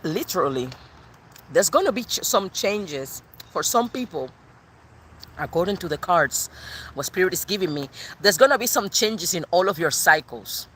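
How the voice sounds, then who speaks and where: A woman giving a live tarot reading, excitable and expressive, swearing casually as she talks to viewers. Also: lowish voice, normal speed, a little hiss or hum. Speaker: tarot reader.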